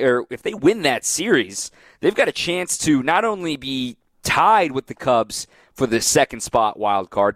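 A man's voice: medium pitch, dry recording. A male sports radio host talks straight into a studio mic, reading off standings and talking through upcoming series. His voice rises and falls with enthusiasm. The sound is dry and close, with no room around it. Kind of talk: post-game radio talk show.

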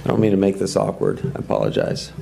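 Choked-up man with a gravelly low voice. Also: big pitch swings, background noise. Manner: halting, full of pauses and fillers. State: choked up with emotion. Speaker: head football coach. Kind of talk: post-game press conference answer.

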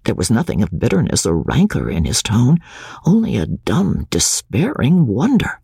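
A man narrating a novel in an expressive, theatrical reading style. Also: lowish voice, normal speed, creaky, breathy edge, no room sound, clean studio sound. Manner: animated, theatrical delivery. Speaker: audiobook narrator.

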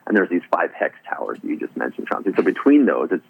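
A man with a very low voice speaks as a radio guest over a tinny, thin phone line. He talks quickly and explains things. The narrow phone sound cuts off the highs and lows. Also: sing-song, gravelly. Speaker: guest, business co-founder. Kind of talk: phone interview. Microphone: telephone.

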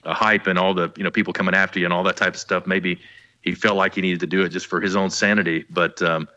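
A man's voice: low-pitched, flat delivery, quick pace, bright, forceful tone, lo-fi sound. A man, a former college football player, co-hosting a sports talk show in a rambling, easygoing way with many restarts.

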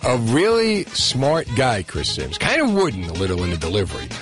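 A man hosting a radio talk show from New Jersey, bantering in a jokey, animated way with his co-host. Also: medium pitch, moderate pace, over music. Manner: jokey, animated, frequent laughs. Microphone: studio microphone.

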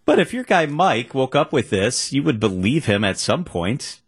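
A man's voice: medium pitch, big pitch swings, moderate pace, husky, no echo, clean studio sound. A man hosting a radio talk show, chatting casually and reading out facts in between. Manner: conversational, reads out facts. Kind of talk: casual chat.

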